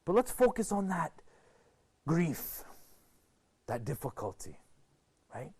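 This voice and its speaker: A man presenting a TV program, giving an expressive motivational lecture to a group and asking rhetorical questions. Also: takes it slowly, husky. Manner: expressive, rhetorical questions, sweeping pitch swings.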